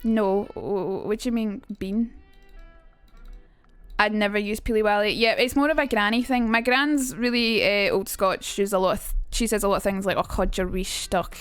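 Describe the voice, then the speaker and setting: A woman's voice: medium pitch, steady tone, normal speed, clear, resonant tone, no room sound, faint music behind. A young Scottish woman streaming a casual chat about accents, chatty and sweary, reading out messages from chat. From Scotland. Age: young adult.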